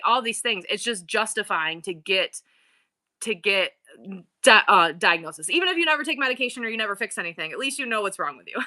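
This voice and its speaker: A woman's voice: mid-range voice, bright, forceful tone. A woman in her thirties hosting a casual livestream, talking in rambling, restarting bursts and swearing now and then. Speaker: livestream seller host.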